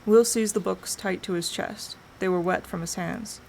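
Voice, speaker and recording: A woman's voice: lowish voice, steady tone, vocal fry, a little mellow, slight background noise, rough recording. Woman narrating a spooky story. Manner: slow, deliberate dramatic reading. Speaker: streamer reading a novel aloud. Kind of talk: audiobook narration.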